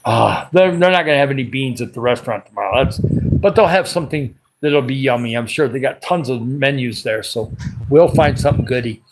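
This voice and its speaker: A man hosting a casual livestream, his throat dry and raspy, rambling along and greeting viewers by name as he reads their comments. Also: mid-range voice. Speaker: livestream host.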